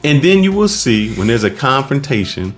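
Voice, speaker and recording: Animated man doing reaction commentary. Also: medium pitch, moderate pace, faint music behind. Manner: animated, emphatic. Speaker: co-host.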